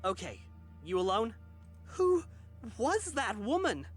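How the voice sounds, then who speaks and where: Chatty earpiece sidekick gal, voice jumping all over, game music going underneath. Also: female voice, fairly high pitch, slow pace, slightly rough, full character voice. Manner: lively, concerned. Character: helpful young woman guiding over an earpiece.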